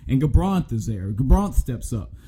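Profane storytelling man, dark husky voice. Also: mid-range voice, normal speed, low-quality recording. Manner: animated, profane storytelling with restarts. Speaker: podcast co-host. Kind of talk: casual chat retelling a game story.

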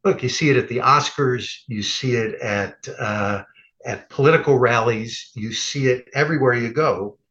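A man, a rabbi, chatting as a podcast guest at a middling pitch. He tells stories wryly and slips into quoted voices with a chuckle. The recording sounds dull and lo-fi. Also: normal speed, a bit bright. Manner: wry, acts out quoted lines with chuckles. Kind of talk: conversational storytelling.

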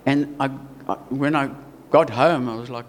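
A man's voice: mid-range voice, moderate pace, big-room sound, slight background noise. A South African man preaching a sermon, earnest and emphatic, repeating himself and restarting phrases.

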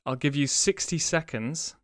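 A man co-hosting a podcast in casual chat, talking slowly and deliberately with many pauses and ums as he explains. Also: fairly high pitch, no room sound, studio quality. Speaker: podcast co-host.

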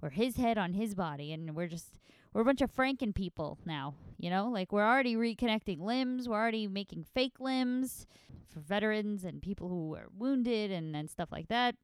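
A woman's voice: medium pitch, clear, resonant tone, no echo, clean studio sound. A woman hosting a casual solo podcast, sounding nasal from allergies, rambling in a chatty, self-deprecating way. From New York. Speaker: podcast host.

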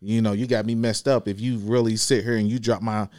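A man who drives a school bus, chatting casually on a podcast and acting out scenes with quick voiced asides. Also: on the low side, level tone, a little mellow, no echo. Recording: dry close mic.

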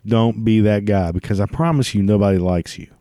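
A man with a low, mellow voice rants in a profane comedic monologue. He swears constantly and laughs at his own jokes. The sound is dry and close. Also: fairly quick, no echo. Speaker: ranting commentator.

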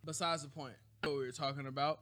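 A man's voice: medium pitch, steady tone, fast talker, fairly bright tone, no room sound. A man hosting a casual podcast chat, opinionated and teasing, full of slang. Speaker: podcast host.

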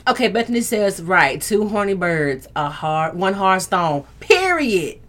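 Bantering with her viewers, a young livestream host reads their comments aloud and laughs often in a relaxed live chat. She speaks at a measured pace with few pauses, in a medium-pitched, fairly bright voice that swings widely in pitch.

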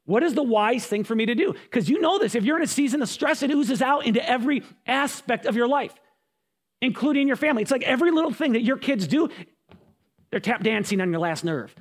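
A middle-aged man preaching a sermon as a pastor, telling stories in animated, quick bursts. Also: extremely high pitch.

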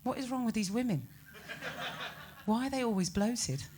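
A British woman performing a stand-up comedy set, ranting with incredulous, animated exclamations. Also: a little high, moderate pace, background noise. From Britain.

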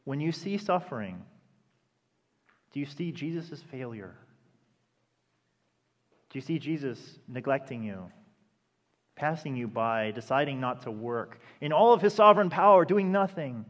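A man preaching a sermon with impassioned delivery that rises to loud, emphatic peaks. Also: mid-range voice, expressive, measured pace, long pauses. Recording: long reverb of a hall.

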